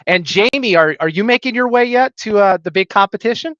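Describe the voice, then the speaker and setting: A man's voice: high-pitched, lively intonation, fairly quick, fairly bright tone, dry recording, lo-fi sound. A man hosting a podcast in a loose, jokey, casual chat, often restarting his sentences. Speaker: podcast host.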